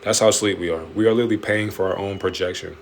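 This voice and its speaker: A man hosting a late-night livestream, preaching in an animated way with slangy street talk and swearing. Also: low voice, fast talker, creaky, slight background noise. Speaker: livestream host answering viewer questions. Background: faint music playing in the background.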